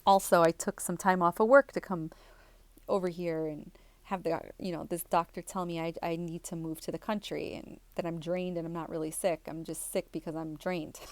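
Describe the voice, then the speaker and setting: A woman with a somewhat low voice tells a personal story straight to her viewers. She talks in a loose, rambling way, full of fillers and restarts. The sound is dry and close, with no room echo. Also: little pitch movement, normal speed. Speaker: spiritual vlogger.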